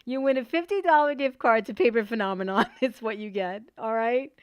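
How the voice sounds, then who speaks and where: A woman's voice: on the high side, brisk, clean tone, dry recording, clean studio sound. A woman hosting a livestream and calling bingo numbers in a playful, casual way, drawing each number out.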